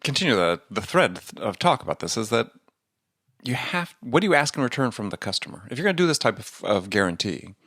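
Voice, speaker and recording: A male podcast host asks probing questions in a quick, lively delivery. His voice sits low and the sound is dry and close, with no room around it. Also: no echo. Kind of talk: interview questions.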